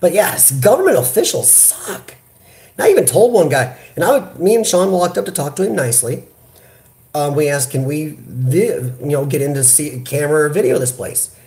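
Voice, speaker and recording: A man from the United States hosting a casual live chat, talking in an animated, chatty way into a computer webcam. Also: on the high side, vocal fry. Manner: animated, chatty, reads viewer comments aloud. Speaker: livestream host. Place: hospital room.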